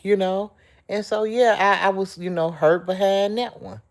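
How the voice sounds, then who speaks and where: A middle-aged livestream host speaks directly to her audience with feeling, in a medium-pitched, steady voice at a moderate pace. The talk is casual, heartfelt chatter with viewers.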